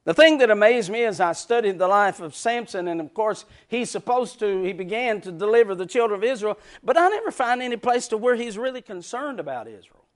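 High-voiced male pastor preaching an impassioned sermon that swells into shouting. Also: animated, brisk. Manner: impassioned, builds to shouting, repeats phrases for emphasis.

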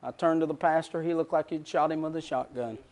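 A preacher with a high, bright voice delivers a sermon as a story. He moves from quiet, folksy narration to swelling, emotive peaks. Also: fairly even intonation, brisk, muffled recording.

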